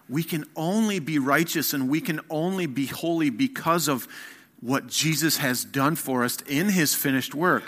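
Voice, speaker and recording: A man preaching a sermon, emphatic, dropping to soft near-whispers and rising to loud, urgent appeals. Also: medium pitch. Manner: slow, deliberate delivery.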